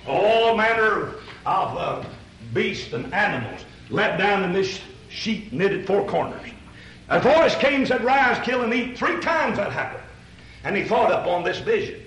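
A man's voice: high voice, very animated, a little slow, fairly bright tone, reverberant, slight background noise, rough recording. A man preaching a sermon in a folksy, conversational way, addressing listeners directly and asking rhetorical questions.

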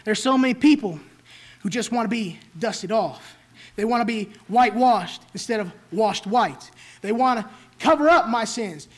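A man's voice: sits high, lively intonation, normal speed. A man preaching a sermon in an emphatic, repetitive rhetorical style.

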